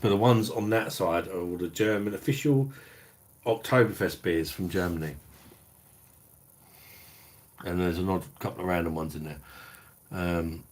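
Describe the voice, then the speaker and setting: A tipsy middle-aged man chats loosely on a live stream, swearing and calling everyone mate. His voice sits very low and deep. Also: moderate pace, slight background noise. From England. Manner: blokey, sweary, reads out viewer comments. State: tipsy from drinking. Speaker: beer review channel host. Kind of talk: casual live stream chat.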